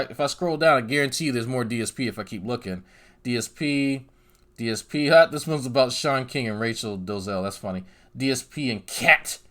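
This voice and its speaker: A man's voice: mid-range voice, a bit bright. A man narrating a commentary video in a sarcastic, mocking tone. He repeats words over and over for effect and drops profanity in his asides. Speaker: commentary YouTuber.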